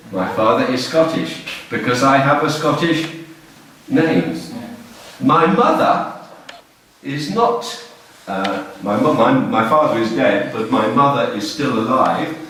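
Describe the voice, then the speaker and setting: A man in his sixties with an English accent, teaching a class in simple, slow phrases and often checking that students follow. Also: medium pitch, expressive, a bit bright, a little hiss or hum. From England. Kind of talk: classroom lesson. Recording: echoey classroom, mic far off.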